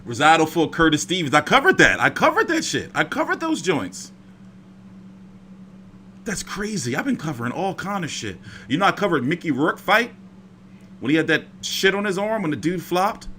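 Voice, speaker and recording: At home, a man runs a laid-back boxing stream, rambling and cursing freely as he chats with animated energy. His voice sits a little high, moves at a normal pace, and carries a faint hiss or hum.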